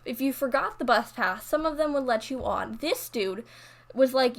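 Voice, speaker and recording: A woman's voice: a little high, fairly quick. A teenage girl telling a rambling story in casual chat, full of "like" and restarts. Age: teens. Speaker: YouTuber narrating over a speed build.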